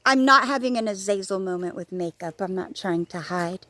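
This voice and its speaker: A woman's voice: mid-range voice, normal speed, hardly any pauses, sharp tone, no echo. A woman vlogging outdoors on a walk, talking frankly and rambling, swearing freely and joking at herself. She says she is hard of hearing. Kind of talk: casual talking-to-camera vlog.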